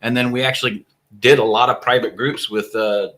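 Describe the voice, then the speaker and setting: A man guesting on a paranormal podcast, speaking in a bright, clear tone. He tells his stories in an animated way, often picking up where his partner leaves off. The talk is relaxed and conversational. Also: medium pitch, fairly quick. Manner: animated storytelling, finishes partner's sentences. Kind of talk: casual podcast chat.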